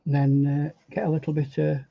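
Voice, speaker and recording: Male painting tutor, a touch high, easygoing and talkative, dry slightly muffled sound. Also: completely flat delivery, fairly quick, gravelly, no echo. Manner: chatty, thinking aloud with fillers and repeats. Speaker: painting instructor. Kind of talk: relaxed painting demonstration. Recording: dry, slightly dull recording.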